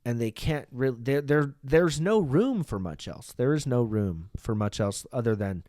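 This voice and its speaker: Into a studio microphone, a podcast host gives a casual comedic monologue, rambling and profane with lots of restarts. His mid-range, warm voice has lively intonation and a moderate pace with few pauses, recorded at studio quality with no echo.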